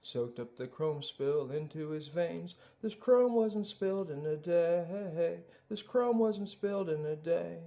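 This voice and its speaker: A man's voice: fairly high pitch, animated, slow, vocal fry, hardly any pauses, warm tone, highs cut off, heavily acted. A man voicing a swaggering male cartoon bear, rapping and singing in a put-on accent. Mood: brooding. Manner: rhythmic rap delivery in a put-on accent. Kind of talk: sung and rapped musical number.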